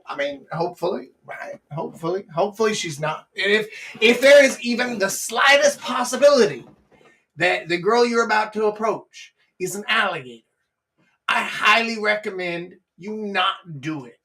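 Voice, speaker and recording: A man hosting a live stream with excitable, profane, comedic talk that swings between loud bursts and quiet asides. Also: high-pitched, recorded from a distance. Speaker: live-stream host giving dating advice.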